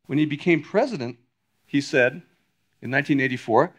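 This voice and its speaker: A man's voice: medium pitch, very animated, normal speed, a bit bright. An older man lecturing to a live audience in a hall, talking emphatically with frequent restarts and self-corrections. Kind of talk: public lecture.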